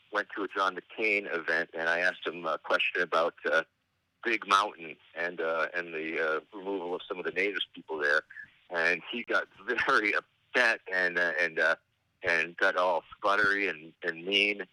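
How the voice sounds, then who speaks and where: A middle-aged man, a guest on an interview show, telling anecdotes in a meandering, halting way with dry, wry humor. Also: sits low, bright, forceful tone, no echo, rough recording. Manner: meandering, halting delivery with frequent hesitations. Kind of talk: casual anecdotal storytelling.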